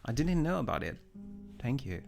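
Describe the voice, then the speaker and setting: A man's voice: medium pitch, very animated, moderate pace, vocal fry, faint music behind. A young French man hosting a casual livestream, speaking English with an American-leaning accent, rambling and self-deprecating as he reads viewer comments. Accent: French-tinged American English. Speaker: livestream host.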